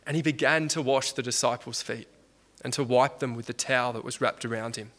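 Bright-voiced preacher in a sermon. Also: male voice, mid-range voice, steady tone, brisk. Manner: conversational, frequent restarts and rhetorical questions.

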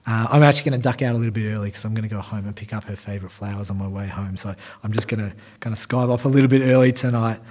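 A man's voice: on the low side, very fast, hardly any pauses, a little mellow, pitched below the performer's own voice, close to an everyday voice. A man voicing an ordinary married man chatting casually with his mates in a rambling, chummy way. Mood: gushing.

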